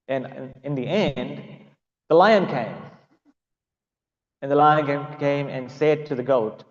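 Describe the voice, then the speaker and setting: A man's voice: medium pitch, slow pace, pauses often, roomy sound, big-room sound, highs cut off. A man giving a devotional class and telling a story, hesitant and full of fillers. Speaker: class speaker.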